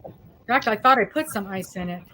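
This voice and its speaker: A woman co-hosting a casual livestream chat, relaxed, reading out chat messages with wry asides. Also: mid-range voice, a little fast, very noisy. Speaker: co-host.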